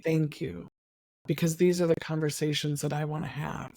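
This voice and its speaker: A woman's voice: sits low, level tone, moderate pace, warm tone, dry recording, studio quality. A woman hosting an interview podcast, affirming and supportive toward her guest. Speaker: podcast host. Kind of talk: interview conversation.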